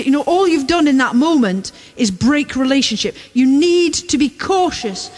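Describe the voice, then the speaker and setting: A woman preaching a sermon in a measured way, repeating key lines for emphasis, recorded in a church. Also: sits high, lively intonation, long reverb tail.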